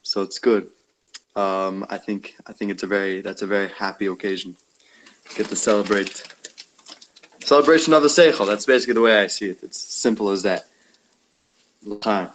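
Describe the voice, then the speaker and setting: On a group video call with noisy audio, a man shares things casually and off the cuff, rambling with plenty of fillers and restarts. His voice is lowish, his speed normal, and he pauses often.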